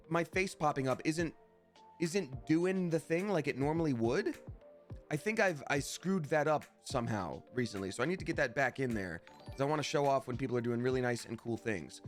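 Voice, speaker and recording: An upbeat male streamer chats with his viewers, his somewhat high voice bouncing around with a lot of lift. He talks casually and thanks people one after another. Soft music plays faintly underneath. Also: lively intonation, brisk. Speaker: Twitch streamer and voice actor. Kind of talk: casual live-stream chat.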